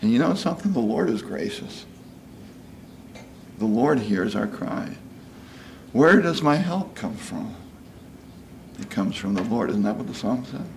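A man's voice: lowish voice, normal speed, creaky, darkish tone, a little hiss or hum. A man in his sixties giving a conversational sermon, folksy and chatty, often asking "you know?" and acting out quoted voices. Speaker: preacher.

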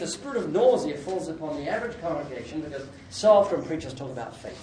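A man preaching a sermon with lots of jokes and his own laughter, breaking into sudden loud outbursts. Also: fairly high pitch, expressive, fast. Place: church hall. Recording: echoey hall, distant mic, faint noise.

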